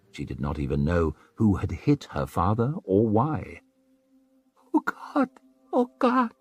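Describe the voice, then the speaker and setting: Slow, husky male audiobook narrator. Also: on the low side, dark tone, dry recording. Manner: slow, dramatic storytelling.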